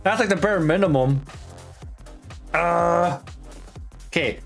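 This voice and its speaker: A man's voice: high voice, takes it slowly, faint music behind. A man streaming a game, thinking aloud in casual, slangy chat with plenty of swearing. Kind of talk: casual gameplay commentary.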